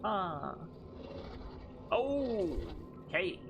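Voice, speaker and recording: A woman's voice: lowish voice, big pitch swings, very slow, over music. A woman streaming a game, chatting casually with a playful, sarcastic manner and loose swearing. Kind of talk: casual gaming stream chat.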